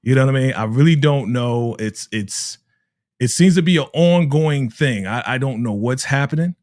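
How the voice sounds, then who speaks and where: A man's voice: medium pitch, expressive, normal speed, a little mellow, no echo, clean studio sound. A man hosting a live recap stream who is hyped and repeats his greetings over and over in casual chat.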